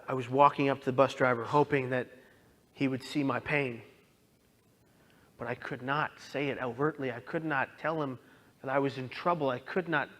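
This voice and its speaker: A man telling his own story as a dramatic testimony, impassioned and pleading, swinging from hushed lines to loud outbursts. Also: mid-range voice. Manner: pleading, directly addresses listeners. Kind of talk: dramatic personal testimony talk.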